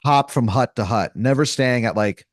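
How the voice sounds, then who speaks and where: A man's voice: medium pitch, normal speed, no echo, clean studio sound. A man running an improvised comedy story as game master, rambling and casual with lots of fillers, restarts and crude slang.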